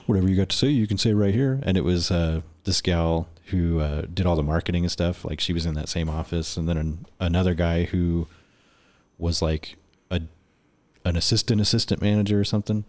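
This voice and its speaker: A man with a very deep voice tells a long story in a relaxed podcast chat. He swears a lot and acts out both sides of an old argument as he goes. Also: brisk. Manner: profane, animated storyteller acting out quotes. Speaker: podcast guest.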